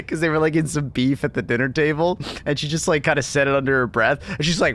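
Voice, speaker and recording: A man's voice: mid-range voice, normal speed, fairly bright tone. A man chatting casually to his live-stream viewers in a laid-back, slangy way, laughing often.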